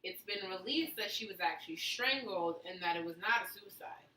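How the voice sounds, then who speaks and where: A woman hosting a casual chat show, talking in chatty, quick bursts. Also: mid-range voice, pushed and bright. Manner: chatty, quick bursts, playful voices for quotes. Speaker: host. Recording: echoey room, mic far off, faint noise.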